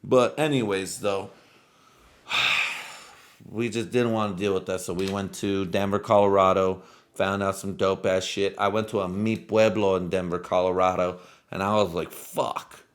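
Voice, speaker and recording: A man's voice: deep voice, little pitch movement, normal speed. A man telling a rambling, profane story in a casual vlog monologue, a native Spanish speaker talking in English. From Mexican-American family. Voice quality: profane, rambling, laid-back. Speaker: vlogger.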